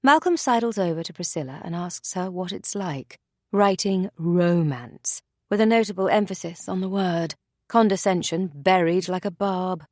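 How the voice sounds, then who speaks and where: A woman reading a thriller novel aloud as narrator, in a measured, dry storytelling manner. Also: lowish voice, no room sound. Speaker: audiobook narrator. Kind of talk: scripted narration.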